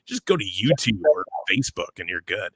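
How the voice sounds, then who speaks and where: Low-voiced energetic man on a dry mic. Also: fairly quick, husky, dry recording. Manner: energetic, says dude and like a lot. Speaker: podcast co-host. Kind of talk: casual chat.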